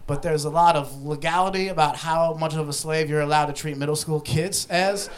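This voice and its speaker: A man's voice: fairly high pitch, fairly even intonation, brisk, crowd noise. A young man from Ohio doing a stand-up comedy set, talking loosely and laughing as he goes, with audience laughter around him. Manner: loose, laughing, conversational delivery. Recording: live club with audience laughter.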